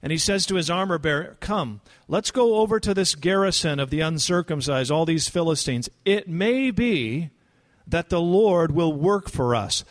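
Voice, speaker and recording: Male pastor, slightly high voice, casual but earnest sermon delivery. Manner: conversational, earnest, rises in pitch for emphasis. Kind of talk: expository sermon.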